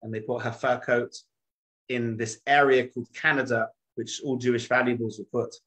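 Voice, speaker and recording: A man's voice: medium pitch, little pitch movement, moderate pace, fairly bright tone, rough recording. Middle-aged male rabbi, dramatic storyteller. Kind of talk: storytelling talk.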